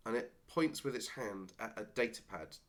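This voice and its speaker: A man narrating as game master of a tabletop game, animated and laughing, adding sound effects. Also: on the low side, normal speed.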